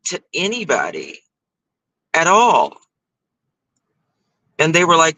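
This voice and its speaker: A man's voice: medium pitch, expressive, unhurried, long pauses, pushed and bright, no echo, poor audio. Chatty man hosting a livestream. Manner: chatty storytelling, thanking viewers by name. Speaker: livestream host. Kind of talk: casual livestream chat.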